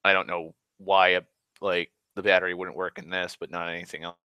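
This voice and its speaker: A man's voice: low-pitched, little pitch movement, a little fast, pushed and bright, clear, resonant tone, no room sound. A man rambling in a casual, profane monologue, ranting and complaining at length. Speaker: vlogger.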